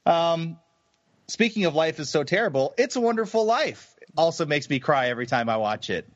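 A man's voice: on the high side, sing-song, brisk, no room sound. A man co-hosting a casual chat podcast, laughing often and swearing casually. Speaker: podcast co-host. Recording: dry muffled lo-fi mic.

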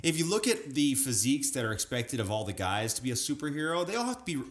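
A man's voice: mid-range voice, sing-song, fast talker. A man chatting casually on a podcast, ranting with animation and laughing often. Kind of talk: casual chat.

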